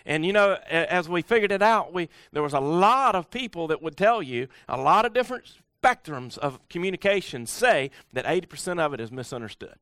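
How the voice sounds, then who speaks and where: A middle-aged man giving a folksy, animated motivational talk at a workshop, full of rhetorical questions. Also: fairly high pitch, a little fast, few pauses, clean tone, dry recording, studio quality. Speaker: speaker at a workshop.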